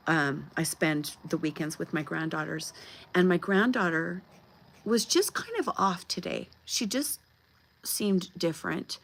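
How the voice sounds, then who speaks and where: A woman's voice: lowish voice, gravelly, rough recording. A woman in her fifties hosting a livestream, talking bluntly and emphatically and swearing freely. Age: 50s. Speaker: host. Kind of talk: impassioned livestream monologue.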